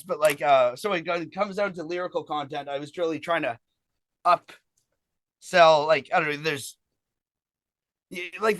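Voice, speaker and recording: A man's voice: fairly high pitch, a bit bright, no room sound. A man who fronts a band, telling stories in a casual interview, rambling and swearing with lots of fillers. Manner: rambling, profane, heavy on fillers.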